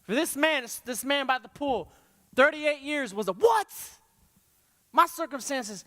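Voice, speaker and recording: Male youth pastor, bright forceful voice, passionate sermon, long church-hall reverb. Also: very high-pitched, expressive, a little slow. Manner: passionate, swings from quiet to loud.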